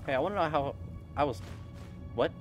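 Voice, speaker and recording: A man's voice: a little high, fairly quick, soft background music. Goofy, rambling male gaming streamer. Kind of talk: casual game commentary.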